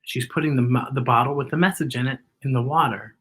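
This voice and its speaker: A woman reading a picture book aloud to children, animated and pointing out the illustrations. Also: extremely low pitch, quick pace, husky. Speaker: children's storyteller.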